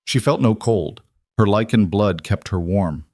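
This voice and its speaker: A man narrating a fantasy audiobook in a steady, measured storytelling manner. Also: lowish voice, no echo, clean studio sound.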